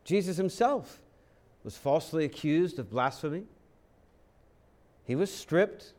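A man's voice: fairly high pitch, lively intonation, unhurried, darkish tone. A man preaching a sermon, dramatic and full of rhetorical questions, sometimes acting out other voices. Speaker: pastor.

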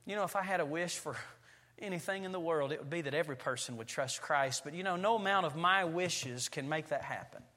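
Forceful preacher man in a reverberant church. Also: fairly high pitch, fairly quick. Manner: animated storytelling preacher, acting out family scenes. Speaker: pastor. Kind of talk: sermon. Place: church sanctuary.

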